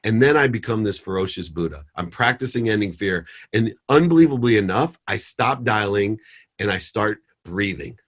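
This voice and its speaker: A man's voice: lowish voice, moderate pace. A middle-aged man, a podcast guest, telling a story and acting out the dialogue. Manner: animated storyteller, acts out dialogue.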